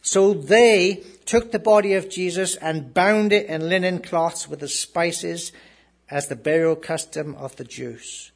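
A man's voice: on the high side, unhurried, gravelly. A man preaching a sermon, reading scripture aloud and then talking it over, repeating words as he goes. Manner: swings from loud reading to soft asides, repeats words.

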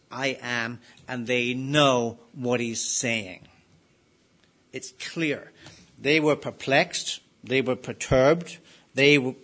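Man preaching an emphatic sermon. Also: mid-range voice. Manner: emphatic, rising to loud stresses on key phrases; asks rhetorical questions to listeners. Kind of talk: expository sermon.

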